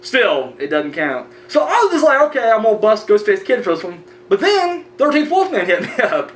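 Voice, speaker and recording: A man's voice: high-pitched, huge pitch swings, fairly quick. A man hosting a horror movie review show, chatting and ranting casually with rambling, profane talk. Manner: rambling, profane, frequent restarts. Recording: roomy distant mic with faint hum.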